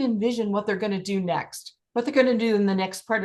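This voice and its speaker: A middle-aged woman coaching a client in a lively, expressive way. Her voice sits at an ordinary middle pitch. She acts out imagined scenes with real excitement and gushing feeling. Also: fairly quick, hardly any pauses. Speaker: life coach.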